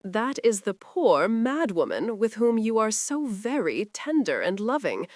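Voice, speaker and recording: A woman's voice: on the high side, big pitch swings, a little slow, a little mellow, no room sound, studio quality. A woman voicing a clever young noble bride who speaks mildly but pointedly. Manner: mild yet pointed.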